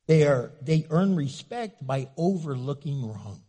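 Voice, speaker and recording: A man preaches with lively swings of pitch and a somewhat higher voice, joking and acting out little quoted exchanges. His tone is a touch husky, and his voice rings with long reverb through a church hall. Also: measured pace. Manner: animated, jokey, acts out quotes. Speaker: pastor. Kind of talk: sermon.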